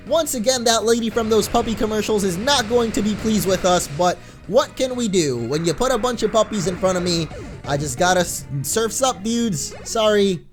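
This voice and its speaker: A man hosting a let's play, giving casual gameplay commentary in a chatty, excitable way and laughing often. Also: high voice, fairly quick, faint music behind.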